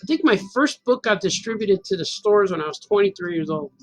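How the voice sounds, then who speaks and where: A man's voice: high voice, very animated, fairly quick, creaky, faint music behind. A man in his fifties telling a rambling, self-mocking story in a casual chat as a cartoonist host. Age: 50s. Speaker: cartoonist hosting a stream.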